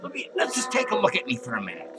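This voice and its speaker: A man playing a cranky, foul-mouthed male clown who rambles and rants in a comedic character monologue, with loud music playing behind him. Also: high-pitched, huge pitch swings, rapid-fire, rough recording. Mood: ranting. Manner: profane, rambling ranting.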